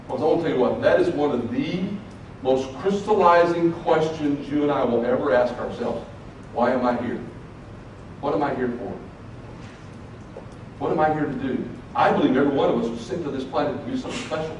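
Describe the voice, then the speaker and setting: A man's voice: mid-range voice, brisk, a little mellow. A man giving a motivational speech to students in an earnest, folksy way, talking straight to the audience. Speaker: motivational speaker. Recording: very echoey, distant mic, faint noise.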